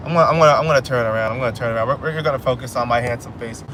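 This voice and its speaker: A man's voice: mid-range voice, racing, a bit bright. A man live streaming while he drives, rambling casually and joking at himself. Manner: rambling, self-joking, repeats phrases. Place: inside a car on a highway. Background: faint road and car noise.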